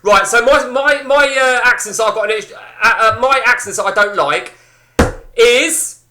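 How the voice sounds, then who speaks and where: A man's voice: very high-pitched, normal speed, noisy background. A man chatting casually to his stream viewers at home, rambling, blunt and swearing a lot. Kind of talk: casual live-stream banter. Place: indoors at home.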